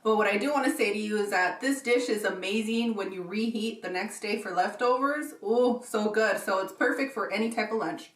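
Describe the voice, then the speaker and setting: In a home kitchen, a woman demonstrates a recipe step by step, speaking fairly quickly with hardly any pauses in a mid-range, fairly bright voice. She hosts her cooking show in a playful, chatty manner, laughing often.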